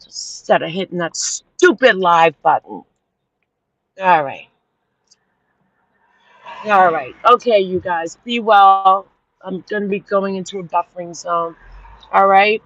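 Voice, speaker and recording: A woman's voice: mid-range voice, a little slow, pauses often, dry recording. Indignant woman livestreaming, dull lo-fi sound. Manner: animated, indignant retelling. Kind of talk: casual livestream chat.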